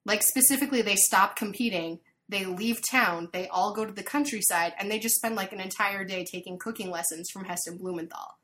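Bright-voiced woman telling a story. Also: mid-range voice, brisk, few pauses. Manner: animated storyteller, lots of fillers. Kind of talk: casual chat.

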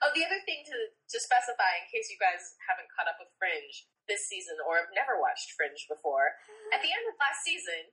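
A woman's voice: mid-range voice, big pitch swings, a little fast, pushed and bright, poor audio. A woman co-hosting a casual podcast chat, sarcastic and swearing freely. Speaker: podcast co-host.

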